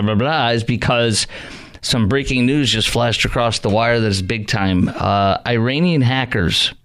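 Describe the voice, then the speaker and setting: A man's voice: mid-range voice, a bit bright, smooth. A man hosting a talk radio show, delivering a sarcastic, rambling monologue full of restarts.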